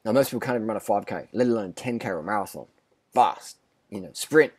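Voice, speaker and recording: A man's voice: on the low side, fast talker, breathy edge, no echo. A man in his forties ranting bluntly and boastfully to camera as a fitness and diet vlogger, swearing often and restarting his sentences. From Australia. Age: 40s. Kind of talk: casual rant to camera.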